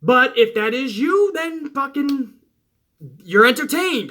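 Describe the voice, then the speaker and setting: Loud, yelling man ranting about wrestling. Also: very high-pitched, animated, takes it slowly. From Italian-American household. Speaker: wrestling channel host. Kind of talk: casual rant to viewers.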